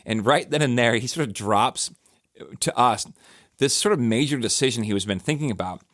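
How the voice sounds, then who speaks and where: A man's voice: medium pitch, normal speed, a bit bright, no room sound, clean studio sound. A man in his forties hosting a church podcast, talking in a casual, reflective way with lots of fillers and restarts. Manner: conversational and rambling, many fillers and restarts.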